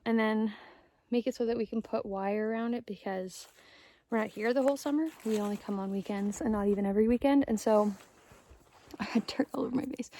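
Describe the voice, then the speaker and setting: A woman vlogging outdoors in a wooded yard, chatting casually and thinking aloud, unsure of her plans. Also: mid-range voice. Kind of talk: casual vlog walkthrough.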